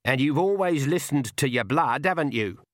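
A man reading an audiobook and voicing a stern, shrewd old witch woman who speaks in a dry, calm, cutting way. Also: on the high side, normal speed, dry recording.

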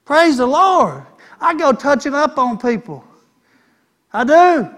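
A man's voice: very high voice, sing-song, slow pace, a bit bright. A man preaching a sermon in a folksy, conversational way.

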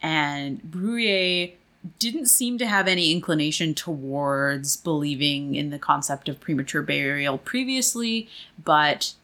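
A woman's voice: low voice, unhurried, pushed and bright. A woman presenting history research in a casual, chatty way, with frequent fillers. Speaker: podcast co-host presenting research. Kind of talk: casual informative chat.

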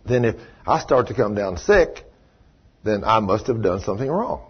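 A man's voice: lowish voice, lively intonation, normal speed, husky, muffled recording. A man preaching a storytelling sermon in a conversational way, full of "you know".

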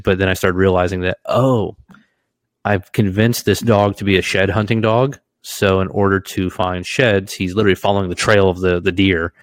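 A lively storyteller with a lowish voice, this man co-hosts a casual podcast and curses freely as he talks. The sound is dry and close, with no room around him. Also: no echo. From Washington state, US. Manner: animated storyteller, swears freely, laughs through his stories. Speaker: podcast co-host.

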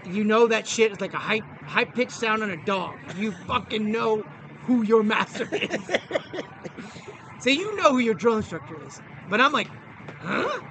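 A middle-aged former Marine tells a story in a casual podcast chat, animated and profane, acting out the voices of those involved. His voice sits high at a moderate pace, with a little hiss or hum.

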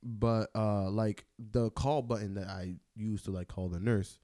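A young man hosting a podcast, telling a story in loose, slangy casual talk. He jumps between loud bursts and low mutters, and leans on filler words throughout. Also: a little slow. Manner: animated and slangy, leans on "like" and "bro". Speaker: podcast host.

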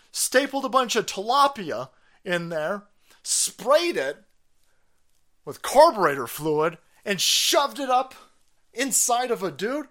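A man hosting a livestream, ranting in a profane, sarcastic, mocking way with sudden loud outbursts. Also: sits high, sing-song, takes it slowly. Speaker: livestream commentator. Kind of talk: profane political rant.

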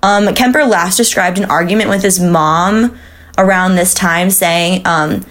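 A woman's voice: fairly low pitch, a little slow, a bit bright. A woman co-hosting a true-crime podcast, telling the story in a casual, chatty way with fillers, swearing and laughs. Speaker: podcast co-host.

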